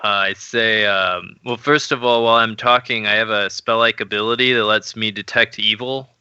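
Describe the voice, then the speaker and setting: A man's voice: lowish voice, fairly even intonation, normal speed, sharp tone, slight background noise. A man playing in a tabletop game, speaking hesitantly and reading rules aloud. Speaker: player. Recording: dull lo-fi dry mic.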